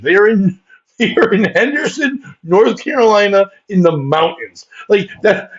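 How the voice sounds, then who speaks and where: A man's voice: high-pitched, breathy edge. A man hosting a comedy podcast, rambling and cursing, laughing often at his own bits. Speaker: podcast host. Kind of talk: casual comedic chat. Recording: dull lo-fi sound.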